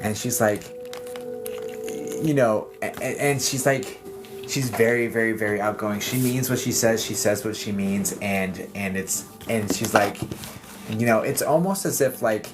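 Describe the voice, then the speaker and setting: Speaking as a psychic medium on a casual livestream from his home setup, a man rambles and chats with many fillers and laughs. His voice is on the low side and unhurried, picked up by a streaming mic with soft music in the background.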